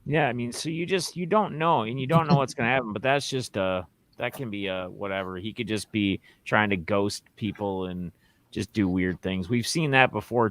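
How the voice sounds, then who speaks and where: Low-voiced rambling male sports podcast host. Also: a bit bright, no echo. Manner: rambling, reads listener questions aloud. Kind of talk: casual sports talk.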